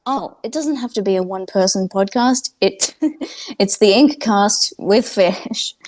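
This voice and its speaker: Slow, rambling woman chatting at home. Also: medium pitch, a little mellow. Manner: rambling and self-mocking, full of fillers. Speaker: tabletop game player on a podcast. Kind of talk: casual chat. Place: at home with cats nearby.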